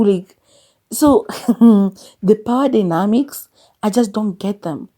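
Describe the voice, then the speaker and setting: A woman's voice: mid-range voice, lively intonation, slow pace, long pauses, mellow. A Kenyan woman in her thirties hosting a podcast, speaking candidly and confessionally about her life, now and then breaking into exasperated emphasis and slipping in Swahili phrases. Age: 30s. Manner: mixes English with Swahili phrases. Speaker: podcast host. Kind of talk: personal reflective monologue.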